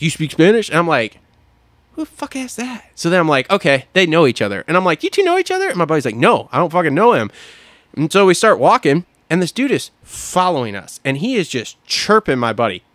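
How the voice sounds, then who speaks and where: Animated, swearing man telling a story. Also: on the high side, quick pace, no echo. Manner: animated, swears a lot, acts out quotes. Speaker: podcast co-host. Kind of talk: casual storytelling chat.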